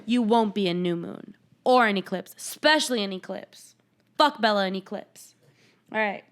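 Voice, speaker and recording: A woman's voice: mid-range voice, expressive, moderate pace, clean tone. A young woman hosting a podcast, recapping a film in casual chat, sarcastic and swearing freely as she retells scenes. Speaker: podcast host.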